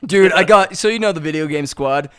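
A man's voice: a little high, a little fast, fairly bright tone, clean tone. A young man in casual chat with friends, laughing often and slipping into mock foreign accents.

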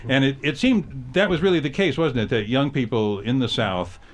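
A man's voice: medium pitch, normal speed. An older man hosting a radio interview in a studio, talking in a rambling, reflective way with many fillers. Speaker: radio DJ host.

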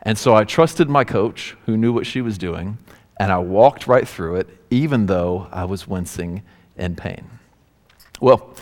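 A man, a pastor, giving a sermon and telling a personal story, acting out the voices of the people in it. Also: fairly low pitch. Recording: hall reverb.

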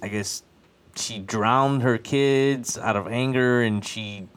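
A man's voice: medium pitch, slow pace, a bit bright. A young man from Chicago chatting casually on a podcast, rambling and repeating himself as he tells a story. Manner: rambling, repeats himself, puts on a wailing voice for quotes. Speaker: podcast co-host. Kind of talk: casual chat.

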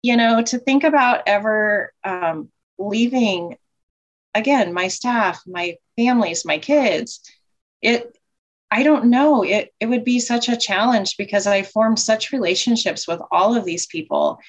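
A woman's voice: mid-range voice, unhurried. A woman who owns and runs a childcare center, talking in a heartfelt, rambling way with many restarts in a casual interview. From Nebraska. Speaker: childcare center director and owner.

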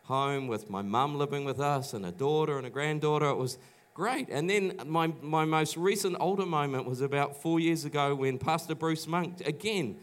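A middle-aged pastor from New Zealand preaches in a loose, conversational way, stopping and restarting as he acts out the voices in his own stories. His voice sits a little higher than most men's. He talks to a church audience. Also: moderate pace. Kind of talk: sermon with personal testimony. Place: church auditorium.

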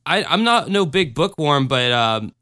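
Bright, clear-voiced man rambling casually. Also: on the high side, unhurried. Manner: rambling, profane, animated storytelling. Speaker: podcast co-host reviewing a book. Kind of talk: casual chat.

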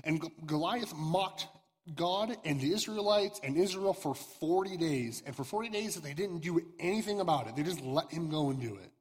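A young man leads a youth sermon, retelling a scripture story in a loose, halting way full of fillers and restarts. His voice sits a little high and sounds husky. It rings out with a long reverb across a large hall. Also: lively intonation. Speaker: youth pastor.

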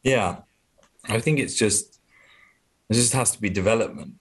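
A man's voice: on the low side, normal speed, slightly rough. A man and comedian, chatting as an interview guest in a hesitant, self-deprecating way with many restarts. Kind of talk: casual interview chat.

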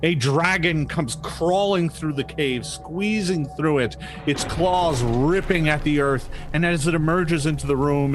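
A man's voice: on the high side, a little slow, hardly any pauses, over music. A man narrating as game master of a tabletop game, hesitant and full of ums and restarts.

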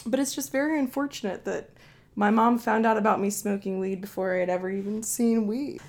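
Speaking at a medium pitch and a fairly quick clip, this young woman from Ohio has a darkish tone. She hosts a podcast and tells a story in a loose monologue, swearing freely and making her points bluntly and emphatically.

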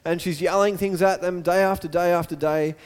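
High-voiced preacher telling a story. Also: male voice, a little fast, clean tone. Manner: storytelling, animated, repeats words. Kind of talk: sermon. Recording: echoey hall.

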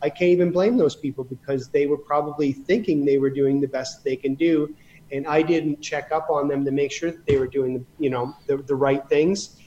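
A man's voice: on the high side, fairly even intonation, moderate pace, warm tone, highs cut off, slight background noise. A man telling rambling stories about running his business in a casual interview, with many restarts. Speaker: guest.

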